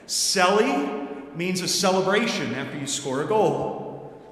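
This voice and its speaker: A man's voice: high-pitched, expressive, slow pace, a bit bright. A man giving a casual, joking homily as a priest. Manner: casual, joking, conversational preaching. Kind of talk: sermon. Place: large church. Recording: echoey church with long reverb.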